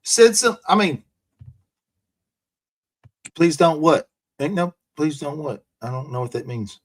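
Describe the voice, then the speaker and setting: A man's voice: on the high side, expressive, slow. A man in casual voice-call chat, telling rambling, profane stories.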